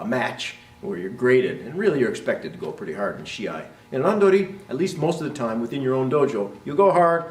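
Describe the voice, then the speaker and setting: A man teaching as a martial arts instructor, explaining terms and modeling their pronunciation, often checking with "right?". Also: mid-range voice. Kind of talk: instructional talk to camera. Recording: roomy, voice from a distance.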